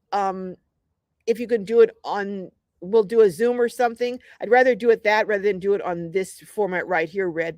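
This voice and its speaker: A woman's voice: mid-range voice, a little mellow, no echo. A middle-aged woman hosting a casual livestream, chatty and upbeat, reading out viewer comments with lots of ums. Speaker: livestream host.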